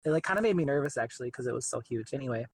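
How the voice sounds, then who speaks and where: A young man, an artist guest in an interview, talking in a chatty, relaxed way with plenty of fillers. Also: mid-range voice, very fast, husky, no echo, low-quality recording. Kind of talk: casual interview.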